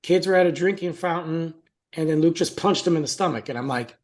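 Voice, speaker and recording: A man's voice: on the high side, a little fast. Man telling a story on a podcast. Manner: storytelling, acts out quotes, laughs often. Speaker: podcast co-host. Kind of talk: casual podcast chat.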